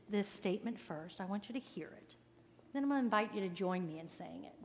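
A woman pastor giving a sermon, earnest and emphatic, sometimes dropping to a soft near-whisper. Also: on the high side. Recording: long reverb of a large hall.

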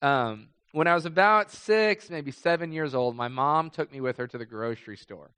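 A man's voice: medium pitch, animated, moderate pace, pushed and bright, clean tone. A young adult man preaching a sermon as a pastor, telling a story in a conversational way with vivid dramatic bursts. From United States. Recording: long hall reverb.

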